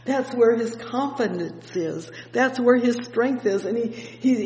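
A man preaching an evening sermon, explaining a psalm with fervent interjections of "oh yes" and "praise the Lord", reading scripture slowly and deliberately. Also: extremely high pitch, darkish tone. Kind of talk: evening sermon, Bible exposition. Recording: echoey hall with long reverb.

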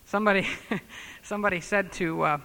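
A man preaching a sermon, emphatic and scornful, dropping from loud declarations to low muttered asides. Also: fairly even intonation, fairly quick, creaky, in a large hall.

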